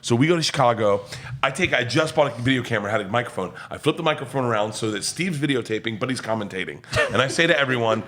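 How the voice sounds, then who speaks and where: Lively, bright-voiced storytelling man. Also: medium pitch, fast talker. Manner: loud, laughing, animated storyteller. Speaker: comedian guest. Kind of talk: storytelling in casual podcast chat.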